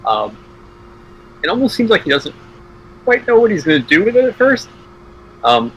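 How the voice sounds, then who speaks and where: A man's voice: sits high, sing-song, moderate pace, dull audio, slight background noise. A man playing a tabletop game, describing his character's actions hesitantly. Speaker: player.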